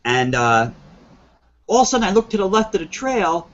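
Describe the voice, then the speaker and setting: A man's voice: high-pitched, sing-song, moderate pace, a bit bright, highs cut off. A man from northern New Jersey telling his story on a live stream, earnest and rambling, acting out quoted dialogue with many restarts.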